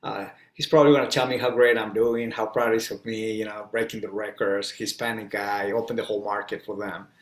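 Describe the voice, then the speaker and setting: Animated storytelling man, echoey room. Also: on the low side, fairly quick, hardly any pauses. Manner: animated, acts out dialogue in his stories. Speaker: podcast guest. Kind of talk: conversational storytelling.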